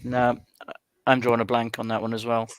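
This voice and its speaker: A man's voice: medium pitch, completely flat delivery, fairly quick, clean tone, no echo. A man on a quiz panel, answering in a plain, matter-of-fact way. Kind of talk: casual quiz chat.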